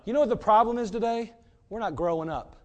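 A man's voice: sits high, quick pace, a little mellow, highs cut off. A middle-aged man, a pastor, preaching emphatically and telling a story. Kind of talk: sermon.

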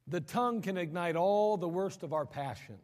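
A man preaching a sermon, swinging between raised emphatic lines and sudden quiet drops, often repeating words as he builds a point. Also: high voice, normal speed. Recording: long hall reverb.

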